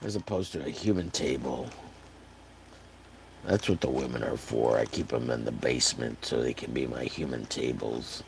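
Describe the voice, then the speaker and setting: A man from Texas with a hoarse, wearing-out voice, chatting casually and jokingly to his live stream audience while riffing on catchphrases. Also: very deep voice, normal speed, a little mellow, a little hiss or hum. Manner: joking, rambling, riffs on catchphrases.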